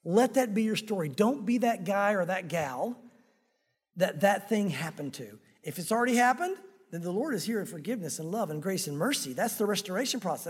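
A male pastor delivers an emphatic, conversational sermon from the pulpit. His voice sits fairly high and has a husky grain. A long hall reverb trails each phrase. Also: very animated, brisk. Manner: emphatic and conversational, addressing the crowd as guys.

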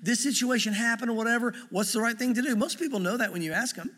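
A middle-aged man preaches in a high, light voice. His delivery is earnest and conversational, with touches of gentle humor. The sound rings with the long reverb of a large hall. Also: rapid-fire. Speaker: pastor. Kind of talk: sermon.

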